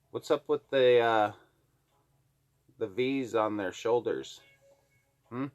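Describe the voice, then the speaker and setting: A man from Alaska delivers a heated, profane rant straight to camera. His voice sits somewhat low, and he keeps punching words with curses as he rails on. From Alaska, USA. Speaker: vlogger. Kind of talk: angry political rant to camera.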